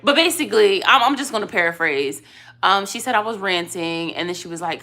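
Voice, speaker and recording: A woman with a hoarse voice, chatting casually to camera as a vlogger and mom of three, telling a story with lively emphasis. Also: medium pitch, fairly quick. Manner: chatty, animated storytelling, addresses viewers as y'all. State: hoarse, voice going out.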